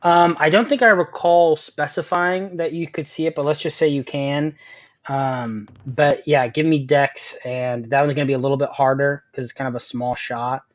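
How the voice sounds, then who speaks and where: A man runs a tabletop game in a loose, easygoing way, with plenty of fillers. His voice sits slightly high, and the recording is dull and lo-fi. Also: steady tone, normal speed. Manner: casual, filler-heavy. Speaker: game master. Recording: dull lo-fi sound.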